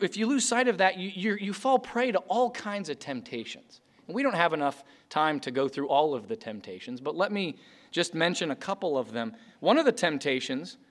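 A man pastor delivers an earnest, emphatic sermon in a church sanctuary, his voice sitting a little higher than most men's. He presses his points hard and often stumbles over the start of a phrase before pushing on. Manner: earnest, emphatic preaching with repeated restarts.

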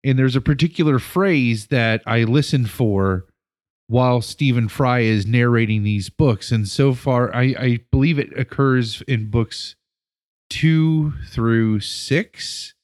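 A man's voice: mid-range voice, slow pace, a little mellow. A man telling a story on a casual podcast, rambling with many fillers and restarts; an educator. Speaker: podcast co-host.

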